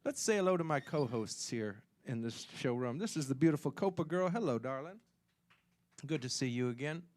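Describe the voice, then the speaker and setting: A man hosting a live showroom music show, joking with the crowd in comic patter and swooping up in pitch on punchlines. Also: lively intonation, fairly quick, a little mellow. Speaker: show host and singer.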